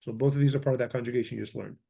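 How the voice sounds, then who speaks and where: A man teaching a grammar lesson into a desk microphone. He speaks at an ordinary middle pitch. He is methodical, repeating example words slowly before translating them. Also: steady tone, gravelly, dark tone, breathy edge. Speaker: language teacher.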